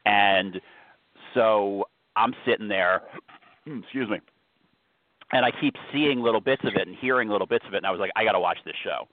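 Low-voiced man hosting over a phone line. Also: normal speed. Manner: rambling, self-interrupting. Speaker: host. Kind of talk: casual podcast chat. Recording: tinny phone-line sound.

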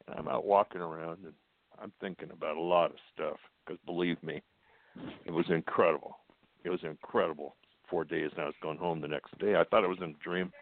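Low gravelly older man on a phone line. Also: fairly even intonation, fast. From United States. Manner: plainspoken, with fillers and quoted dialogue. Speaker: guest. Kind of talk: storytelling.

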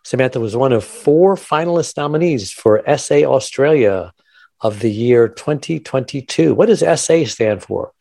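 An upbeat man hosts his podcast with a chatty, radio-style delivery. He sounds enthusiastic and laughs often. His voice sits at an average pitch and is recorded close and dry, with almost no room sound. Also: expressive, moderate pace, creaky, warm tone, dry recording. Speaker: podcast host. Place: Los Angeles.

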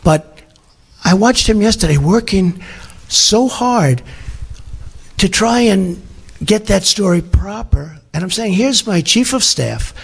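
A man's voice: high voice, expressive, slow pace, creaky, pauses often, husky. A man speaking at a press conference in a rambling, emphatic way.

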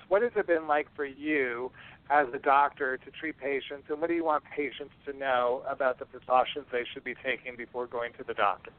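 A man hosting a podcast in a chatty, casual way, often tripping over his words. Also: mid-range voice. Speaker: podcast host. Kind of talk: casual radio-style hosting. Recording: tinny phone-like line.

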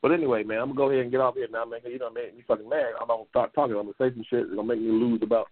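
A man hosting a call-in talk show, heated and profane, repeating himself and jumping into high outbursts. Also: fairly even intonation, racing, noisy background. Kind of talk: loud profane call-in chat. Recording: phone-like lo-fi audio.

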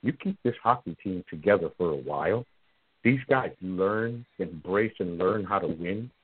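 A low-pitched, husky man with a Southern US accent hosts a sports talk show, animated and teasing, and he stumbles over repeated words. His voice comes through a thin, phone-like line that sounds dry and close. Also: moderate pace, no room sound.

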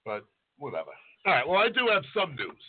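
Slightly high and a bit rough, his voice swoops wildly in pitch and moves a little fast. He's a chef co-hosting a laid-back podcast over tinny, phone-quality audio, cracking crude jokes in loose stories and mimicking the people in them.

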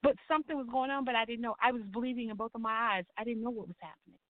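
A middle-aged woman tells her story with lively, acted-out quotes and church exclamations. Her voice sits a little high. It comes over a thin, phone-like line with a dry sound. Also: rapid-fire, dry recording. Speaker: guest. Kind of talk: personal testimony in a talk show.

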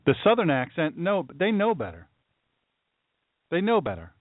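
Male talk radio host, animated pitch swings, hammering rhetorical questions; tinny, dry phone-like sound. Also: normal speed, no room sound. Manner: heated, repetitive, rhetorical questioning. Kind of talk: political commentary monologue.

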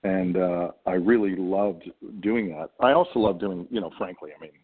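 A man's voice: low-pitched, moderate pace. A middle-aged American man, an actor, talking thoughtfully in an interview with many fillers and restarts. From United States. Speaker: actor guest. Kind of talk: casual interview talk. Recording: tinny phone-like line.

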